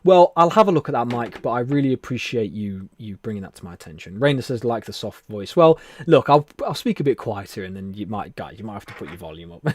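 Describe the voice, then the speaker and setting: A man hosting a live stream, reading out viewer comments in a friendly, chatty way and calling people "buddy". He moves between a soft, near-whispered voice and louder talk, and laughs often. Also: medium pitch, dry recording. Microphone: headset mic with headphones.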